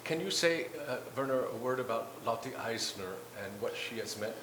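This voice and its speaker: A man moderating a discussion, asking questions in a quick, casual way. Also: mid-range voice, animated, background noise.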